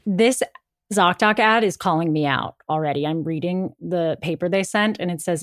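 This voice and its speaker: A woman's voice: on the low side, moderate pace, a bit bright, no echo, clean studio sound. A young adult woman hosting a podcast, chatting playfully and reading an ad in a chatty way. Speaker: podcast host. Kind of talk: casual chat and host-read ad.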